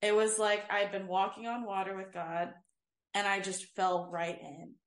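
A young woman co-hosting a faith podcast delivers a personal story flatly at a moderate pace, her voice mid-range. She's a worship leader chatting casually, and her earnest, rambling account leans heavily on "like" and "um."

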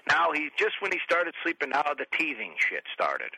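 Casting: forties man, bright husky voice, lively swearing storyteller. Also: a little high, normal speed, dry recording, poor audio. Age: 40s. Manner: profane, animated storyteller who mimics others. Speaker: podcast guest. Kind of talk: casual chat.

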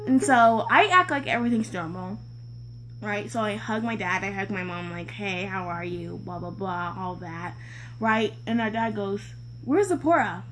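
A woman's voice: medium pitch, normal speed, slight background noise. A young woman casually telling a family story, acting out what everyone said and laughing as she goes. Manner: animated storytelling, acts out quoted voices, laughs often. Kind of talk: casual chat.

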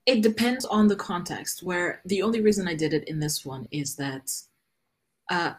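A woman's voice: lowish voice, moderate pace, husky. A woman writer, a guest on a podcast, chatting casually and rambling with plenty of "like". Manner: rambling, peppered with "like". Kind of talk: casual chat.

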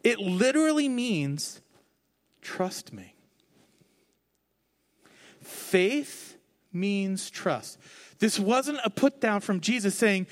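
A man's voice: high voice, animated, drawn-out words, pauses often. A man in his thirties, a pastor giving a conversational sermon, joking at himself and acting out quoted lines. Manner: conversational, self-mocking, acts out quoted voices.

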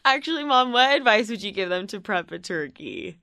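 A young woman hosting a podcast, playful and quick, teasing her guest and swearing casually. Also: mid-range voice, very animated, vocal fry, sharp tone, clear, resonant tone, dry recording, clean studio sound. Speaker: podcast host. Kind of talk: casual chat and ad read.

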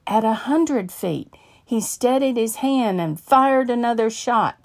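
A woman narrating a story in a measured, earnest way. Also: on the high side, expressive.

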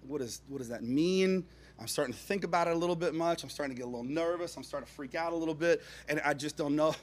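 A man with a slightly high voice tells a funny story about his own life. He is expressive, dropping into hushed asides and then rising to near-shouts, and he chuckles along at his own tale. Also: racing. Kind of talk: comic personal anecdote.

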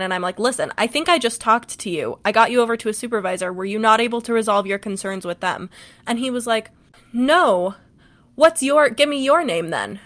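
High-voiced woman telling a story. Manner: animated storyteller, laughs often. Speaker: podcast co-host. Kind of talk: casual chat and story recap.

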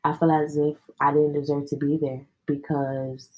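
A woman's voice: low voice, little pitch movement, normal speed, a little mellow, low-quality recording. A young adult woman hosting a podcast, telling personal stories in a slangy, candid, casual way with plenty of swearing. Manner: slangy, candid, sprinkled with profanity. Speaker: podcast host. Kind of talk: casual storytelling chat.

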